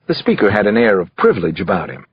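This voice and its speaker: A man narrating a thriller audiobook in an expressive, lively way. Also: low voice, fast, slightly rough, no echo, dull audio.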